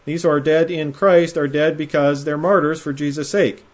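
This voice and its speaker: A man giving verse-by-verse Bible teaching in a measured, explanatory way, slowing down to stress quoted phrases. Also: a little high, fairly even intonation.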